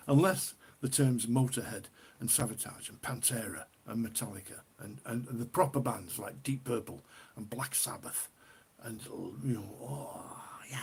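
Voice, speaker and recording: A man's voice: mid-range voice, darkish tone, husky. A man with a northern English accent hosting a casual livestream, chatting with viewers, reading their comments aloud and laughing often. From northern England. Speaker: livestream host.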